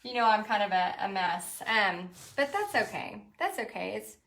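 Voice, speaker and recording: A woman hosting a live step-by-step painting lesson, chatty and quick to laugh as she reads out viewer comments. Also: medium pitch, big pitch swings, a bit bright. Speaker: painting instructor and host.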